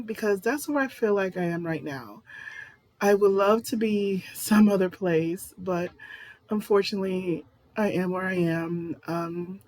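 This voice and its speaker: A woman's voice: mid-range voice, darkish tone, no room sound. A woman talking casually to camera in a personal vlog, rambling and candid. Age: adult. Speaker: vlogger.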